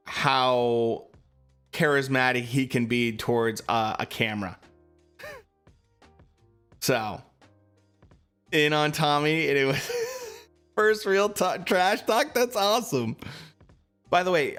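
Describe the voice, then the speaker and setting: A man's voice: mid-range voice, fairly bright tone. A man streaming live, chatting casually about boxing and answering his viewers, with lots of fillers.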